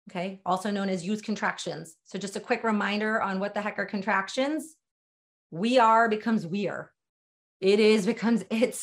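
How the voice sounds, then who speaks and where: A woman's voice: medium pitch, fairly bright tone. A middle-aged woman leading a webinar on sales writing, talking in an emphatic, direct and conversational way. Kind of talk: webinar training talk.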